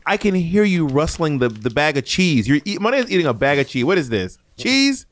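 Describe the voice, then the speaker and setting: A man from Atlanta co-hosting a podcast, telling teasing, animated stories in casual chat. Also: fairly high pitch, brisk, no echo. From Atlanta, USA. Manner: animated, teasing storyteller with playful mock quotes. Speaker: podcast co-host.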